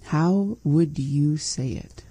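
A woman learning a language, softly repeating phrases after her teacher. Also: low-pitched, extremely slow, slightly rough, dry recording. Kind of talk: language lesson conversation.

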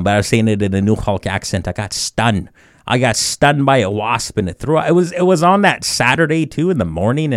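A man hosting a community radio show, teaching words slowly and often chuckling at himself. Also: mid-range voice, no room sound, studio quality. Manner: chuckles often, slow deliberate word repetition. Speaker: radio host. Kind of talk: community radio language segment.

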